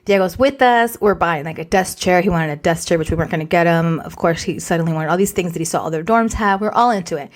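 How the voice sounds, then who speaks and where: A woman's voice: fairly low pitch, fast, hardly any pauses. A woman in her forties co-hosting a podcast, telling a story in casual chat and dropping in Spanish words. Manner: animated, mixes in Spanish words. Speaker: podcast co-host.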